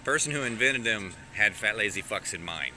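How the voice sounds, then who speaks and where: A low-pitched man chats to his stream while walking store aisles. His voice rises and falls a lot as he rambles and swears in a jokey way. Plenty of shop noise sits behind him. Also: animated, moderate pace. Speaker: live streamer. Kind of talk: casual live-stream chat. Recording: noisy shop background.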